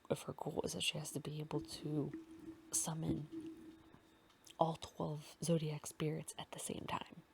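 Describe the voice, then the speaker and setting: Low, gravelly woman rambling a recap. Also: slight background noise. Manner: rambling, many fillers and self-corrections; often drops into soft breathy half-whisper. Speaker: podcast host recapping a fanfic. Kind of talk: casual recap chat.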